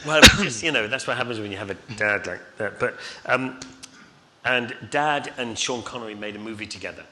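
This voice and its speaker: A man's voice: fairly low pitch, brisk, bright, forceful tone. A middle-aged man telling rambling, chuckling anecdotes on stage as a guest, with many fillers. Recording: reverberant hall, faint noise.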